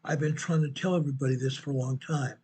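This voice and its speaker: A man hosting a show, walking viewers through an earthquake map in a slow, emphatic way and repeating his points. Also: mid-range voice, steady tone, mellow, breathy edge. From United States. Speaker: show host presenting earthquake updates. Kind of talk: informal map walkthrough commentary.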